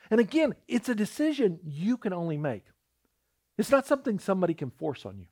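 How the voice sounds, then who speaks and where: Male pastor mid-sermon, slightly higher voice, very lively delivery, storytelling style. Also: fairly quick. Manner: storytelling, acts out quoted voices, repeats words when starting.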